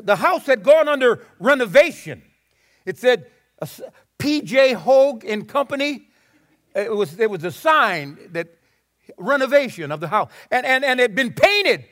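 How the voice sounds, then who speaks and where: A man's voice: high-pitched, fairly bright tone. A male preacher telling a Bible story in a sermon, dramatic and repeating his words as he goes.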